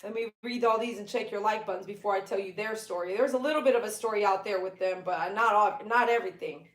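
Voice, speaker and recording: A woman's voice: fast talker, echoey room. A woman, a pet groomer chatting casually on a live stream from her living room and cooing at her dogs. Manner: chatty, talks to her dogs in a high baby voice. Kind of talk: casual livestream chat.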